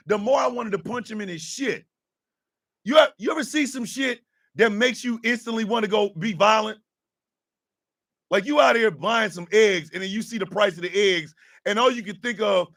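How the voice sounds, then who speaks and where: Man, comedic rant, profane and exasperated, gravelly, bright and sharp. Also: sits high, moderate pace. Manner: profane, exasperated, often shouting. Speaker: podcast host.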